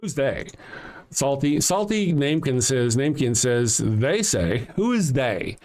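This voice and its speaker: A man's voice: medium pitch, very animated, unhurried, a little mellow. An older man with a Southern US accent hosting a casual livestream, reading viewer comments aloud in a blunt, profane way and chuckling often. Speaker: livestream host.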